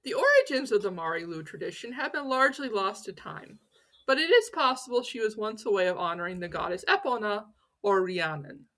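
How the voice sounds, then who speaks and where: A woman's voice: mid-range voice, sing-song, a little fast, a bit bright. A woman hosting a folklore channel, telling its stories in a playful, theatrical way with self-mocking asides. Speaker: host of a pagan folklore channel. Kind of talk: playful educational storytelling.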